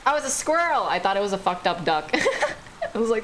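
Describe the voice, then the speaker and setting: A woman streaming a horror game, talking at an everyday pitch. She chats casually and jokes as she plays. She swears freely, with faint noise in the background. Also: very animated, normal speed, pauses often. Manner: chatty, jokey, swears freely. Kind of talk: casual gaming commentary.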